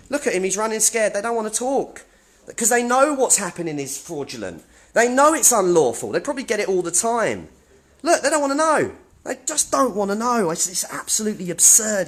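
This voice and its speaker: Husky guy on his phone camera arguing with office staff, voice jumping all over, keeps repeating himself. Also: high voice. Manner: indignant, argumentative, repeats himself. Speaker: self-filming activist. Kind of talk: confrontational self-filmed commentary. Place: indoors in a public office building.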